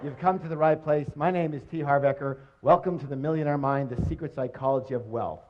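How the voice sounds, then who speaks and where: A middle-aged man with a fairly high voice works a live seminar audience, firing questions at the crowd and cracking jokes between points. The sound is dull and lo-fi, like an old event recording. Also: fast talker. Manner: energetic, quizzes the audience, jokey. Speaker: motivational seminar speaker. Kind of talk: live motivational seminar talk.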